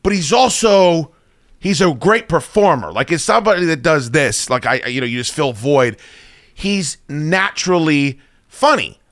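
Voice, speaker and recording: A man's voice: on the high side, lively intonation, unhurried, fairly bright tone, dry recording, studio quality. A man from the United States hosting a podcast, chatting casually in a rambling, profane, opinionated way. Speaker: podcast host. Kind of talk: casual chat.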